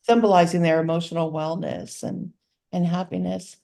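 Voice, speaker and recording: A woman's voice: lowish voice, fairly even intonation, normal speed, gravelly, dark tone. A woman from Louisiana with a Southern accent, co-hosting a casual chat and laughing often. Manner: playful, laughs often, drawls for fun. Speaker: podcast co-host.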